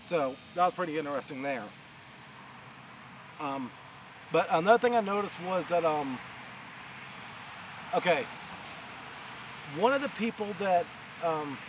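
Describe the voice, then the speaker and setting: A man's voice: fairly high pitch, expressive, a little slow, pauses often. A man with a New York accent giving a casual, rambling spoken review outdoors, with many fillers and restarts, talking over distant heavy machinery. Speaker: vlogger. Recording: outdoor recording with loud machinery noise. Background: distant heavy machinery and traffic.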